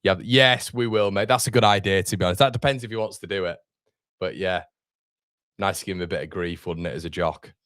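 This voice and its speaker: A man's voice: low-pitched, fairly even intonation, a little fast, fairly bright tone, no room sound, clean studio sound. A young man hosting a live football watchalong, chatting casually with viewers and calling them mate. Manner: chatty, calls viewers mate, reads out chat.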